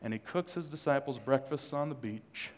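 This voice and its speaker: A man's voice: mid-range voice, moderate pace. Joking male pastor in reverberant church. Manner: conversational preaching with joking asides. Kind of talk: sermon. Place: church sanctuary. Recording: long hall reverb.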